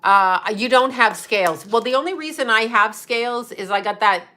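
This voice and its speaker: Blunt, cussing middle-aged woman from Canada, host of a chatty livestream, bright forceful tone. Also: fairly high pitch. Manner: blunt, profane, fast-shifting rant with laughs. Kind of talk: casual livestream rant.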